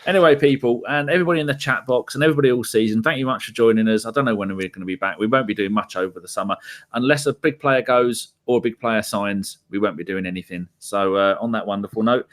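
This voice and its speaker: A London-accented man hosting a loose, late-night podcast chat. He rambles, swears freely and rolls from one bit of banter to the next, with a mid-pitched voice. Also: a bit bright. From England. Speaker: podcast host.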